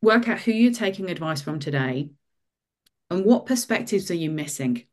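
A woman with a lowish voice talks through career advice as an interview guest. She keeps a lively, chatty flow with plenty of ums and restarts. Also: moderate pace. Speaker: guest, author. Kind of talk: casual interview talk.

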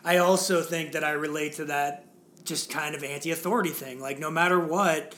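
Rambling, slightly higher-voiced man. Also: steady tone, normal speed, a bit bright, slight background noise. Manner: rambling, many fillers and restarts. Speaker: podcast co-host. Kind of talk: casual chat.

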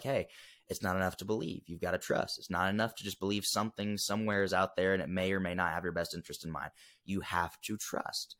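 A young man with a very low, deep voice tells a personal story as a podcast guest. He talks earnestly and emotionally, with plenty of fillers and restarts. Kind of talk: casual storytelling interview.

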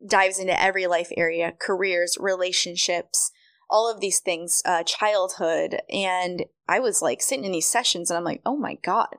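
Young woman guest, lowish voice, dry close sound; chatty storyteller who slips into quoted voices. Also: no room sound. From Michigan, USA. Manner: chatty, animated, acts out quoted dialogue. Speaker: podcast guest, running coach. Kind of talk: casual storytelling interview.

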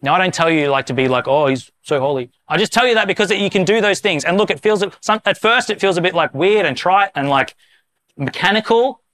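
A man preaching as a pastor, talking casually and with humor, then slowly and solemnly leading a prayer of confession. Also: high voice, lively intonation, a bit bright. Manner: casual, self-deprecating preaching; slow, solemn liturgical reading. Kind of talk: sermon with led prayer.

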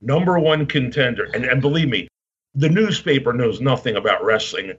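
A husky-voiced man in his fifties from Baltimore spins a rambling story in casual podcast chat. The sound is a little dull and lo-fi. His pitch sits in an ordinary middle range. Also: expressive, moderate pace, fairly bright tone. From Baltimore, Maryland. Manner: rambling anecdotes, acts out quoted voices.

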